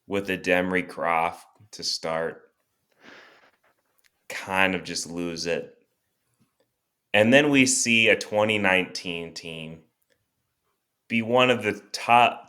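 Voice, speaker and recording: A man with a deep, low voice talks in an unhurried way, co-hosting a casual sports podcast. He builds up a rallying pep talk for the fans. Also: pushed and bright. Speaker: podcast co-host.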